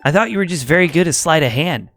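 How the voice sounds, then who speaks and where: A man's voice: fairly high pitch, lively intonation, fast, fairly bright tone, soft background music. A man voicing an eager young female adventurer with an earnest, wondering delivery. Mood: amazed.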